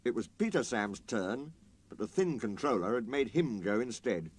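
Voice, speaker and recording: A man narrates a children's story in a middle-pitched voice with a lively, rising and falling lilt. His delivery is expressive and storybook-like, carrying the listener from scene to scene. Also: normal speed, breathy edge.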